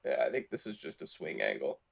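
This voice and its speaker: A man's voice: a bass voice, wildly swooping pitch, creaky. A man doing live color commentary on an esports card game, reacting and chatting with his co-caster. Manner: conversational, quick to react.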